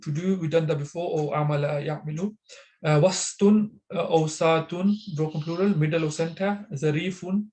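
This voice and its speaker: The voice here belongs to a male Arabic teacher explaining grammar online, slightly raised in pitch and a little mellow. He stops often on fillers and restarts words, and the low-quality audio has a video-call sound.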